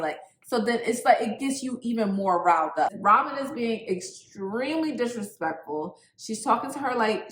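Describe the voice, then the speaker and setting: A woman co-hosting a casual recap chat about a reality show, emphatic and animated, often saying "like". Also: mid-range voice. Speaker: co-host. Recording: echoey room.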